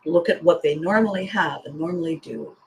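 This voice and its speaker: A woman's voice: deep voice, fairly quick, vocal fry, slight background noise, low-quality recording. A woman hosting her own show, giving a motivational monologue and acting out the voices of people she quotes, with a chuckle here and there. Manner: animated storyteller who acts out quoted voices. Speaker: podcast host and life coach.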